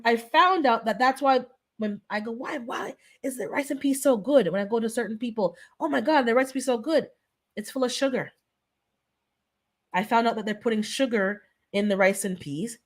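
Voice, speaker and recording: Hosting a relaxed live wellness stream, this woman of Jamaican descent from the Caribbean speaks in a mid-range, fairly bright voice. She sounds earnest, almost pleading, and says things more than once for emphasis.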